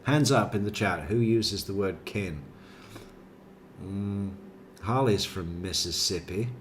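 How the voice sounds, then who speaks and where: Slow-talking, low-voiced man who jokes and laughs. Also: a little hiss or hum. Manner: laughing, joking, with stumbling restarts. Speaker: co-host of a true crime commentary stream. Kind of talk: casual live-stream chat.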